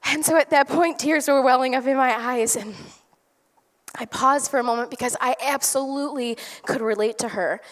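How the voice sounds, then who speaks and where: A woman with a fairly high voice tells a story to a live audience, eager and chatty. She speaks as a motivational speaker from a stage, and her words carry a long reverb from the hall around her. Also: normal speed.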